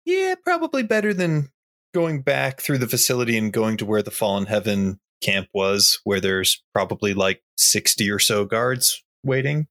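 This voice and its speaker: A man's voice: on the low side, moderate pace, few pauses, a bit bright. A man playing in a tabletop role-playing game, talking casually and agreeably. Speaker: player.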